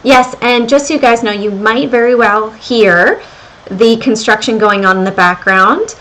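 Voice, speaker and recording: A woman's voice: a little high, unhurried, poor audio. A middle-aged woman with a slight Southern American accent, hosting a casual stock and crypto livestream from home and chatting with viewers as she goes. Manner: chatty, reads viewer comments aloud, thinks out loud. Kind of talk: casual market livestream chat. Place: home room during renovation work.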